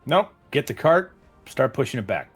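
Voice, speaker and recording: A man playing a tabletop game, bantering quickly in character. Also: medium pitch, very animated, slightly rough, soft background music. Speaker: player.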